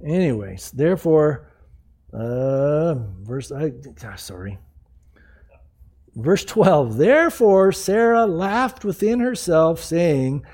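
A man's voice: on the high side, big pitch swings, slow pace, a little mellow. A man in his sixties preaching a sermon in a conversational, jokey way, acting out the people he quotes. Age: 60s. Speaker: pastor.

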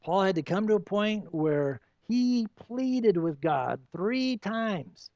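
A male pastor with a high voice preaches in an earnest, pleading way and presses his listeners with question after question. The sound is dry and close, a little dull in tone. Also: animated, slow pace, a little mellow, dry recording. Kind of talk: sermon.

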